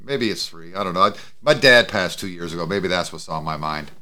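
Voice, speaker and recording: A man's voice: low-pitched, animated, fairly quick, bright, forceful tone. A man co-hosting a podcast from his home studio, chatting casually and swearing freely. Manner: loose, profane, laughs often. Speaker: podcast co-host. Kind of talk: casual chat. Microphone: studio mic with mixing board and headphones.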